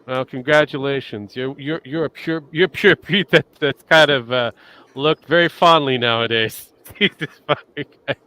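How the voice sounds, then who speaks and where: A man's voice: mid-range voice, moderate pace, sharp tone. A man in casual livestream chat, profane and sardonic, often laughing.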